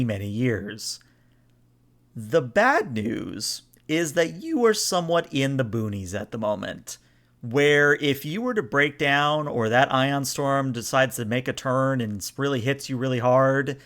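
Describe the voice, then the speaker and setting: A man narrating as game master over a video call, explaining rules and describing scenes in a relaxed, chatty way. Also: mid-range voice.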